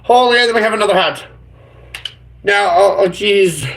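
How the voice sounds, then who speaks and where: A man's voice: sits high, moderate pace, fairly bright tone, low-quality recording. A man chatting as a YouTuber on a live stream, goofy and rambling, full of silly made-up words.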